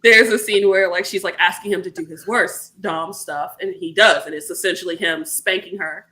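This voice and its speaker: A woman's voice: lowish voice, steady tone, moderate pace, pushed and bright. A young woman chatting casually, animatedly retelling a story with swearing and acted-out quotes. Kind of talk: casual chat.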